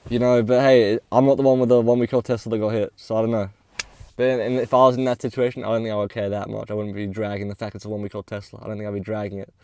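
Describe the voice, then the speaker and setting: A young vlogger tells a casual storytime very fast in a smooth, darkish, lowish voice with a level tone. He talks in slang, swears often, and acts out what the other people said as he goes.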